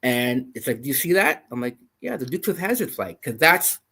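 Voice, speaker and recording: A man in his fifties from Canada, guesting as a coach. He tells stories in a lively, animated way during relaxed conversation. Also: mid-range voice, normal speed, slightly rough. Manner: animated anecdote teller. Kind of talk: casual storytelling.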